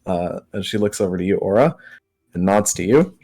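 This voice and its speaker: A man narrating a tabletop game as game master in a relaxed style full of fillers. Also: low-pitched, fairly quick, creaky, slightly rough.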